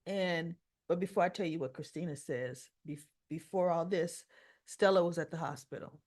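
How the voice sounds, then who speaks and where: A woman's voice: fairly low pitch, normal speed, a little mellow. A woman giving a casual, chatty recap of a soap opera episode. She retells the scenes by quoting the characters' lines and adds conversational asides to her viewers.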